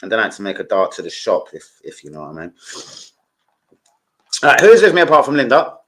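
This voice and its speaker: An older man, chatting casually on a live stream, shouting out to viewers and swearing freely. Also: lowish voice, sing-song, fast.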